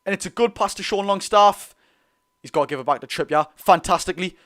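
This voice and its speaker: Excitable Geordie man doing fan commentary. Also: high-pitched, fast talker. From North East England. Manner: excitable, chatty, bursts into loud reactions. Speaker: streamer hosting a football watch-along.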